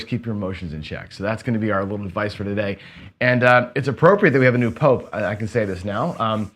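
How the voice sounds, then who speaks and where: A middle-aged man with a hoarse voice, hosting a casual gambling show and chatting loosely with many fillers and restarts. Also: mid-range voice. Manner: rambling, filler-heavy, frequent restarts. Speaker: host.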